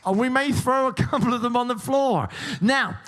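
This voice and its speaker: A man's voice: very high voice, normal speed, a bit bright. A man hosting a cruise ship game show, joking and teasing the contestants in upbeat patter.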